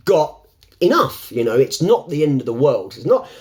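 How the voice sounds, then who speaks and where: A man with a slightly high voice talks off the cuff to camera, his pitch swinging widely up and down. He rambles, breaks off to restart his sentences and laughs between thoughts. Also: big pitch swings, moderate pace, darkish tone. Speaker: self-help vlogger. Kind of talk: unscripted reflective talk to camera.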